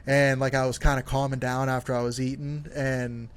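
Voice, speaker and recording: With a clear, resonant, medium-pitched voice, a young podcast co-host rambles through a story at a moderate pace and a level tone. He curses freely and leans heavily on fillers like "like."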